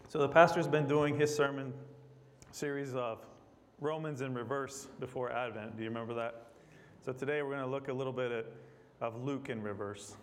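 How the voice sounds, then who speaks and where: A man's voice: mid-range voice, fairly even intonation, normal speed. A man preaching a sermon in a church, reading scripture aloud and asking the congregation questions in a conversational way. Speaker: guest preacher. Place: church sanctuary. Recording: long hall reverb.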